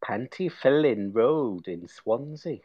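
A man's voice: medium pitch, lively intonation, takes it slowly, dry recording, lo-fi sound. A man in his twenties co-hosting a casual podcast, laughing as he reads out a list. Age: 20s. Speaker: podcast co-host. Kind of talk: casual chat.

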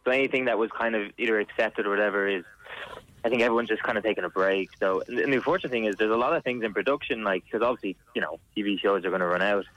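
A man's voice: lowish voice, racing, a bit bright, no echo, dull audio. A man, a guest on a radio show, talking in a laid-back, easy way. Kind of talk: casual radio chat.

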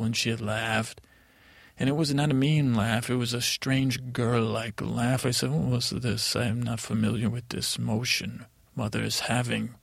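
A man plays a naive young prince telling his story in improvised comedy, halting and full of restarts. His voice is heavily gravelly. The sound is dry and close. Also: mid-range voice, little pitch movement, dry recording. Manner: halting, rambling, with many restarts and fillers. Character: naive boy prince Tommen narrating. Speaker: comedic narrator in character.

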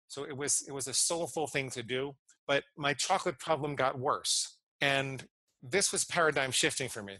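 A man in his fifties, a podcast guest, earnestly telling a personal story and explaining ideas, slowing down to stress key words. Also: mid-range voice, sharp tone, no echo, poor audio.

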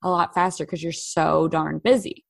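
A woman's voice: low voice, steady tone, normal speed, creaky, no room sound, studio quality. A woman co-hosting a casual chat podcast, talking in a candid, easygoing way and laughing often. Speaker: podcast co-host.

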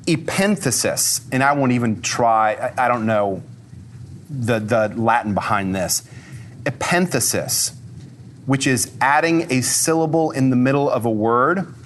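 A man giving a lively, conversational talk to a live audience, peppering his speech with fillers and questions for the crowd. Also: medium pitch, a little hiss or hum.

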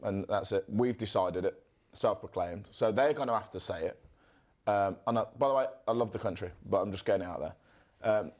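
A man in loose podcast banter, his pitch swinging widely as he gets worked up. He swears freely and keeps slipping into quick mock voices. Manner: sweary, animated, jumps between impressions. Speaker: podcast co-host.

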